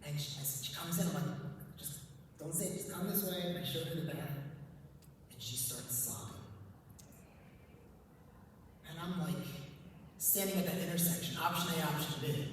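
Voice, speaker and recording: A man, a rabbi, giving a conference talk to a live audience and telling a story with gentle humor. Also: on the high side, normal speed, pauses often, slight background noise. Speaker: rabbi and speaker on couples. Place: large event hall. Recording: echoey hall, distant mic.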